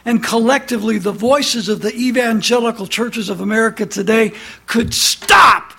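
Casting: male preacher, high bright husky voice, emphatic fiery sermon delivery. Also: moderate pace. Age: has adult son.

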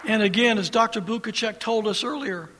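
A man preaching with a high, bright voice that rings with a long hall reverb. He swings between hushed, quiet storytelling and loud, impassioned preaching. It sounds like a fervent pulpit sermon. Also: a little fast, some chatter behind.

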